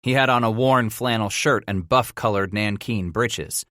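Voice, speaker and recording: A man narrating a western audiobook in a measured storytelling manner. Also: fairly low pitch, sharp tone, dry recording, clean studio sound. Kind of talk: scripted narration of a western novel.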